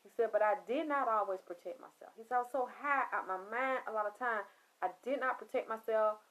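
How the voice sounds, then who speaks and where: Animated woman retelling a story. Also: on the high side, fairly quick. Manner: animated, retelling a man's words with emphatic quotes. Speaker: host. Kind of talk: storytelling monologue. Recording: dull lo-fi sound.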